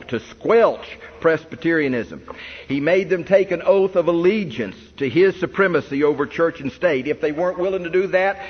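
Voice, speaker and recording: A man preaching an earnest history sermon to a congregation, emphatic and posing rhetorical questions. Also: a little high. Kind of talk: sermon lecture on church history. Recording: dull reverberant hall recording with faint noise.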